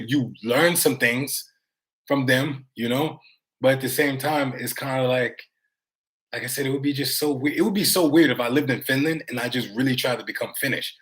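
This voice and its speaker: An American man talks straight to his audience in a loose, rambling livestream chat. He circles around his points, reads viewer comments aloud and drops in casual swearing. His pitch sits right in the middle for a man. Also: a bit bright. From United States. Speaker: vlogger.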